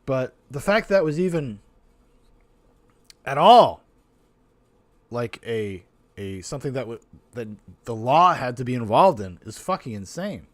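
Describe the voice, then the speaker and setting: Animated, foul-mouthed podcast host man. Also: medium pitch, a little slow, pauses often, no echo. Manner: animated, profane, rambling with restarts. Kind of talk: casual podcast commentary.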